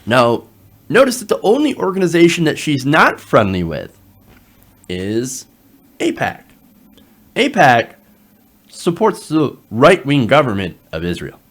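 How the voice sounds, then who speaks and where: A man's voice: mid-range voice, huge pitch swings, measured pace, long pauses, a bit bright. A man hosting a political commentary show, reading from an article and adding sarcastic asides, with frequent fillers.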